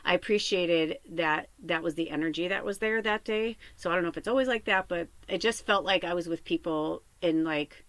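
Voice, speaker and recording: A woman's voice: on the low side, a little fast, few pauses, a bit bright, dry recording. A woman in her fifties telling a long personal story in a casual, rambling way, tired, restarting sentences and filling with "like". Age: 50s. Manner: rambling, emotional, filler-heavy with frequent restarts. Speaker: spiritual medium podcaster.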